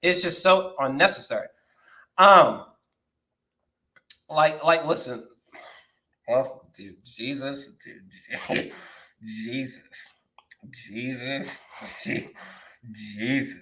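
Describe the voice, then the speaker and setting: A man giving a casual, excitable film review, laughing a lot, swearing and repeating himself in slangy talk. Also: on the high side.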